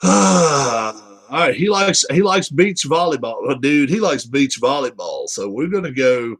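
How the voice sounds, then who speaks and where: A man's voice: medium pitch, animated, a little slow, a bit bright, breathy edge. A man hosting a casual live chat show, reading viewer comments aloud and teasing them with frequent laughs.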